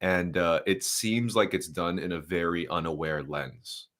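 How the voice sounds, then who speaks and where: A man's voice: sits low, measured pace, fairly bright tone. A man co-hosting a casual podcast chat, blunt and profane, laughing easily as he talks. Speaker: podcast co-host.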